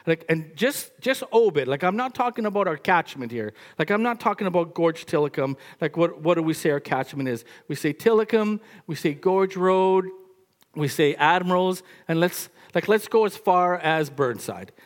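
A pastor delivers a sermon in a loose, chatty way, full of "like" fillers and quick restarts. The pitch swings widely from phrase to phrase. The delivery stays animated and informal throughout.

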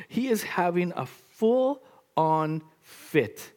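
Animated conversational pastor preaching. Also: mid-range voice, unhurried. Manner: conversational, animated, frequent "like" fillers and restarts. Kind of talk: sermon.

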